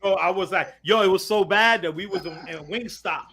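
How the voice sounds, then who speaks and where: A man, a podcast host, telling a story in casual chat, animated and swearing a lot, acting out quotes loudly. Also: high-pitched, a little fast, breathy edge.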